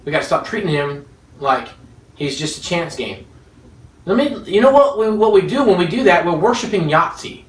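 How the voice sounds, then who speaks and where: An animated preacher in an echoey room. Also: medium pitch, moderate pace. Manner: animated, acts out quoted dialogue, laughs often. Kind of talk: sermon. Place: room with listeners. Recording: echoey room, mic at a distance.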